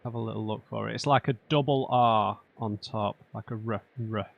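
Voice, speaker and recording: A man's voice: on the low side, fairly even intonation, moderate pace, gravelly, dry recording, dull audio. A man doing let's play commentary, thinking aloud and muttering to himself while he works through a puzzle. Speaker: gamer.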